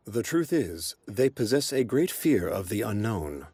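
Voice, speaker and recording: An actor voicing a towering, gentle golem lord who speaks slowly and solemnly in an anime dub. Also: male voice, lowish voice, sing-song, slightly rough, dry recording, full character voice. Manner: slow, measured and solemn.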